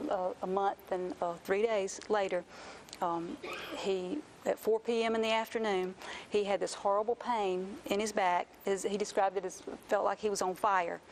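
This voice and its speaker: A woman, a mother telling an emotional personal story as an interview guest, earnest and animated. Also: mid-range voice, a little slow, a little hiss or hum. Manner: earnest, animated retelling with quoted voices.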